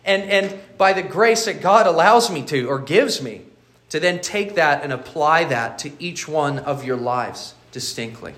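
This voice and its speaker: A man's voice: fairly high pitch, lively intonation, unhurried, a bit bright, echoey room. A male pastor preaching a sermon earnestly, often repeating words as he starts a phrase.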